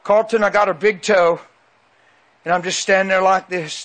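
A man's voice: high-pitched, fairly even intonation, moderate pace, a bit bright. A man preaching a sermon into a handheld mic, emphatic and repeating phrases for weight.

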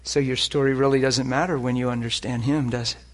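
A man preaching a sermon, animated and full of stories, moving between loud exclamations and quiet, hushed asides. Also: mid-range voice, a little fast.

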